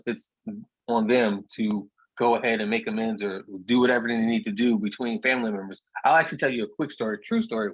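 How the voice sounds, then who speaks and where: A man's voice: mid-range voice, husky, no room sound, rough recording. A man speaking as a guest on an online meetup, telling plain, casual stories about buying property. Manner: storytelling, plainspoken, repeats words. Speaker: real estate investor speaker. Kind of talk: casual talk on a video meetup.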